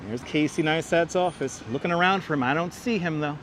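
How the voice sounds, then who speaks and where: A man's voice: fairly high pitch, a little fast, a bit bright. A man hosting a live walking tour outdoors, chatting and greeting viewers by name, on a wireless clip-on mic. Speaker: livestream host walking the city. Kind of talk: live walking-tour commentary, reading chat. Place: outdoors on busy city streets. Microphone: wireless clip-on mic, phone camera on a gimbal. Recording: faint street traffic behind.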